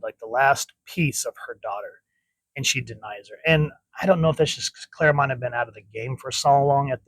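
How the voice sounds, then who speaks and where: A man's voice: medium pitch, a bit bright, dry recording, rough recording. A man giving a casual comic book review, chatty and rambling, often correcting himself.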